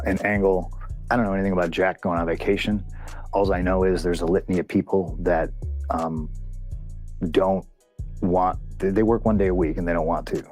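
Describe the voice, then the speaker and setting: A man's voice: low voice, a little mellow. A man being interviewed, retelling a backstage clash in a blunt, profane, heated way. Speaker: interview guest. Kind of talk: casual storytelling in an interview.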